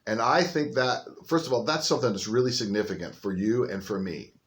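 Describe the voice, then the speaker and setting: An older male pastor with a fairly low voice preaches an informal sermon outdoors. He tells the story in a folksy, chatty way. He speaks into a phone held on a selfie stick. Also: a little fast. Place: outdoors on a windy day.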